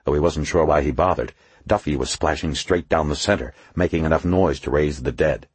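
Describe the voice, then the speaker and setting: A man's voice: brisk, dry recording. A man reading a suspense novel aloud as an audiobook narrator. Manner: low, husky, lively storytelling voice. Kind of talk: scripted narration.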